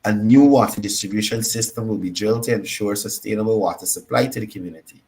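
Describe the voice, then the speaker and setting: A man's voice: lowish voice, fast talker, darkish tone, breathy edge. A man with a Guyanese accent hosting a political talk show, combative and repeating his points for emphasis. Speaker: political commentary host.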